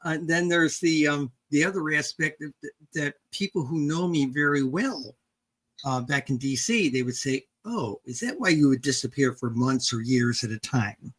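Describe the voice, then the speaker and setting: An older woman author telling a story in casual conversation, animated, acting out dialogue with some restarts. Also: deep voice, normal speed, breathy edge.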